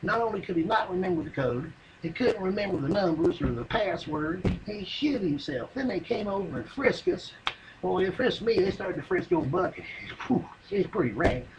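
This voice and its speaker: High-pitched guy spinning a cussing comedy yarn, noisy recording. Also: lively intonation, normal speed, lo-fi sound. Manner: rambling, profane, drawling yarn with folksy grammar. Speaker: comedian telling a story. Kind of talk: stand-up comedy monologue.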